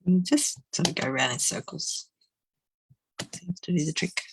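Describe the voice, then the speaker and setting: A woman's voice: fairly low pitch, normal speed, pauses often, slight background noise, poor audio. A woman doing a live card-making demonstration, chatting and laughing as she works and murmuring to herself. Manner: chatty, giggly, murmurs to herself while working.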